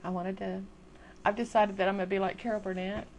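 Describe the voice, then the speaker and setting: A woman's voice: medium pitch, level tone, fast talker, a little mellow, slight background noise. An older woman ranting casually into a webcam at home, chatty, exasperated and self-mocking. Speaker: video blogger. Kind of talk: casual rant to camera.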